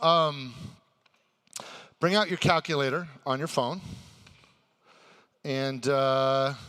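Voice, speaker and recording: Man, convention stage host, hype-building, excitable, shouty bursts, tense bright tone. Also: mid-range voice, in a large hall. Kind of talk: live stage hosting for a crowd. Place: convention stage before a live audience.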